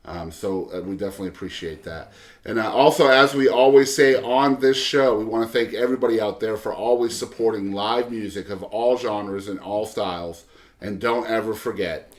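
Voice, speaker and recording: A man's voice: fairly low pitch, normal speed. A man hosting his own music podcast, reading casual show announcements in a loose, joking way with lots of um fillers. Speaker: podcast host.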